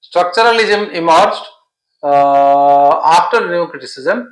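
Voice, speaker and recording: A man's voice: on the high side, lively intonation, takes it slowly, reverberant, poor audio. A man teaching literature for an exam-prep lesson, explaining patiently and stringing synonyms together. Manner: repetitive, listing synonyms, explanatory.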